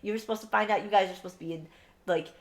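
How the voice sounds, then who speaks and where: A woman co-hosting a podcast, giving a blunt, profane, animated book review in casual chat. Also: mid-range voice, rapid-fire. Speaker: podcast co-host.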